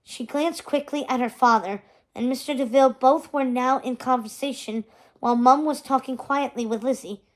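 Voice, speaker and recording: A woman reading a chapter book aloud, with gentle, expressive narration. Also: sits high, normal speed. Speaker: reader. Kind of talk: storybook read-aloud.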